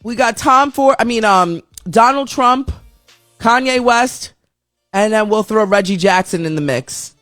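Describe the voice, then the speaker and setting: A man's voice: high voice, a little slow, fairly bright tone, faint music behind. Chatty rambling male show host. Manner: rambling, chatty, reads viewer chat aloud. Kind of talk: casual live-stream chat.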